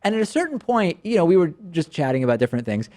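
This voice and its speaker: A man's voice: a little high, very animated, quick pace, dark tone. A man from Massachusetts, hosting a talk show and answering audience questions in a conversational way, telling stories with frequent restarts.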